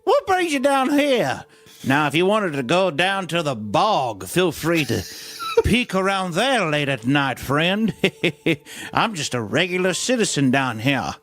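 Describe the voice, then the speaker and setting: A man playing a sly, menacing old swamp local who speaks in a slow, teasing drawl. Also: sits high, very animated, pushed and bright, exaggerated voice. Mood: sly warning. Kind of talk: comedic improvised impression.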